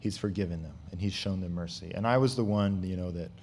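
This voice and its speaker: A man's voice: sits low, fast talker, darkish tone, slight background noise, voice pushed down. A man paraphrasing an angry prophet who rants bitterly to God in his sermon. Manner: bitter, self-pitying ranting. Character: resentful, angry male prophet complaining to God.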